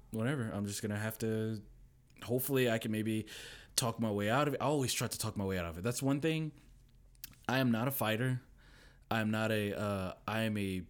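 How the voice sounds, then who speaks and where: A young man telling stories as a podcast guest, lively and quoting people in put-on voices. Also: fairly low pitch, fairly quick. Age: young adult. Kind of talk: casual storytelling chat.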